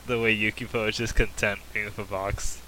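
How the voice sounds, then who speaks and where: A man co-hosting a casual anime podcast, adding quiet, low-key short comments. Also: flat delivery, a little fast, low-quality recording. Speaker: podcast co-host. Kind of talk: casual anime review chat.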